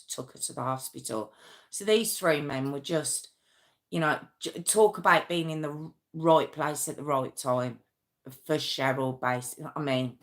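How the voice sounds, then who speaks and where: A woman with a deep, low voice tells a true-crime story on her livestream. She speaks casually and emotionally, stopping and restarting often as she gathers her thoughts. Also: a bit bright. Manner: emotional, halting, many restarts and pauses. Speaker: true crime channel host.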